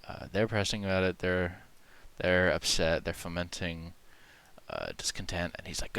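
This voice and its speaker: Low-voiced man rambling mock conspiracy talk. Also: normal speed, vocal fry, no room sound. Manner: hesitant, rambling, full of fillers and asides; deadpan, mock-serious. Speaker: video host. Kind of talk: rambling parody conspiracy commentary.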